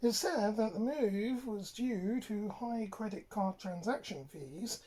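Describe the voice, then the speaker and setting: A woman's voice: medium pitch, expressive, takes it slowly, mellow. A British woman vlogging in a mock-posh put-on voice, swearing and chuckling as she reacts to the news. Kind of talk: comic news-reaction vlog.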